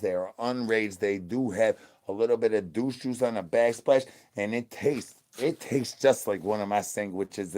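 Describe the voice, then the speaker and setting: A man doing a low, rambling starving zombie. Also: darkish tone, lightly acted. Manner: rambling, crude slang, repeats begging catchphrases. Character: starving crude male zombie streamer begging chat for brains. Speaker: livestream entertainer. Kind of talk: in-character livestream comedy.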